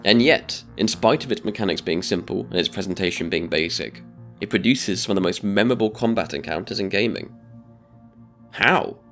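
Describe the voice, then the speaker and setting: A man giving a scripted video-essay narration in a measured, deliberate way. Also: lowish voice, fairly bright tone, soft background music.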